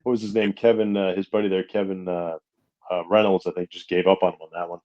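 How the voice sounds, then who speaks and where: A man with a lowish voice chats casually on a podcast, rambling and stopping to search for words. His audio sounds dull and lo-fi, missing its highs. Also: flat delivery, quick pace. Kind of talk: casual chat.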